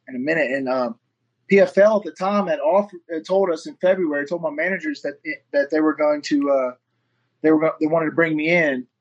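Guy, fighter, rambling story w lots of cussing, kinda high voice, muffled lo-fi audio. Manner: rambling storyteller, swears freely, acts out quotes. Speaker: fighter and firefighter. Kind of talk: casual interview chat.

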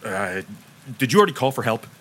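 A man voicing a gruff, cold 1850s detective who barks curt orders in a spoken story. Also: mid-range voice, sing-song, quick pace, fairly bright tone. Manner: barking, curt, emotionless.

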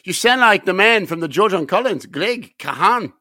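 Animated, joking man. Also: sits high, dry recording, clean studio sound. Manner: playful, joking, quick banter. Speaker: podcast co-host. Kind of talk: casual chat.

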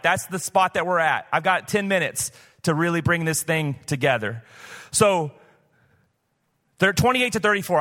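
A man's voice: high-pitched, fairly bright tone. A man pastor preaching a sermon at a live church service, talking candidly and conversationally with casual asides. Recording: long church hall reverb.

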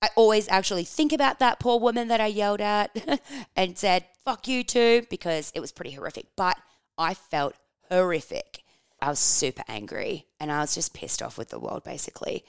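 A woman in her thirties tells personal stories frankly, swearing freely and laughing as she goes. Her voice sits a little low and sounds smooth and resonant. It is recorded close and dry, with no room sound. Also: fairly quick, no echo. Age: 30s. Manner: frank and animated, swears casually, laughs while telling stories. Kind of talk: personal storytelling, candid and confessional.

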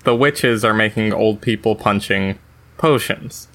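A man's voice: on the low side, unhurried, a bit bright. A man in casual comedic podcast chat, tossing out dry, playful wisecracks.

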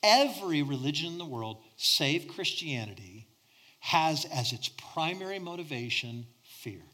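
A middle-aged man preaching a sermon, swinging between loud emphasis and hushed near-whispers. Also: fairly high pitch, very animated, a little slow. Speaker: pastor.

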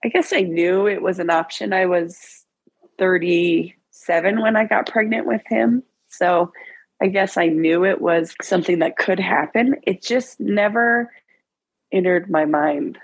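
A woman around forty, a guest in an interview, tells a personal story in an emotional, halting way with many restarts. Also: on the low side, slightly rough, no room sound, low-quality recording.

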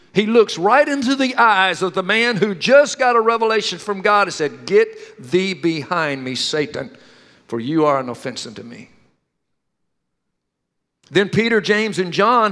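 A man with a high voice preaches to his congregation, telling stories with lively energy and calling out questions to the room. His words ring with a long reverb through a church hall. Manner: animated storytelling with questions to the congregation. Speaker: pastor. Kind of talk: sermon.

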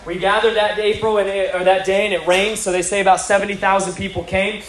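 Brief: male preacher, high voice, animated storytelling delivery, roomy echo. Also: quick pace, a little hiss or hum. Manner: animated, rising to excited. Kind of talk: storytelling sermon.

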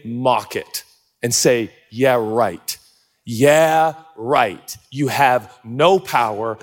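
Excitable, jokey male preacher. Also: on the high side. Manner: excitable, jokey storytelling with sudden loud outbursts. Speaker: pastor. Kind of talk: sermon. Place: large church auditorium.

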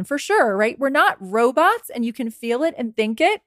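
A woman in her thirties, a dating coach talking casually on a podcast, acting out quoted replies in a lively, higher voice. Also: moderate pace, hardly any pauses, no room sound, studio quality. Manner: animated, acts out quoted lines in a higher voice. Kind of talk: podcast monologue.

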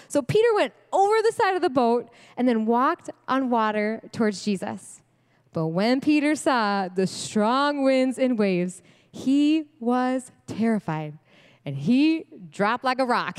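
A woman delivering a sermon at a women's event, animated and slangy, laughing often. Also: fairly high pitch, normal speed. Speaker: speaker at a women's ministry event. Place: church event hall. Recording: long hall reverb.

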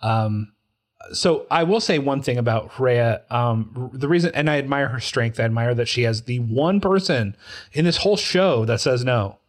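A man in his forties talks through a TV drama in a relaxed podcast chat. His voice sits at a middling pitch, and his delivery is emotional and animated. He breaks into quoted voices as he tells a personal story. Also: moderate pace. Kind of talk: casual chat about a TV show.

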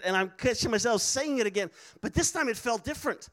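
A man's voice: very high-pitched, expressive, fast, a bit bright. A man preaching a sermon, telling a personal story earnestly with many fillers and restarts. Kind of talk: sermon testimony.

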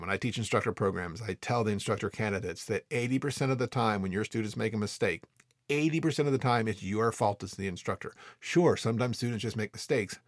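A male freediving instructor tells stories of his teaching in a relaxed, chatty way. He talks fast and animated and voices the people in his anecdotes. The sound is close and dry. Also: on the low side, no room sound. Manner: animated, quick, acts out quoted people. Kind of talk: casual storytelling talk.

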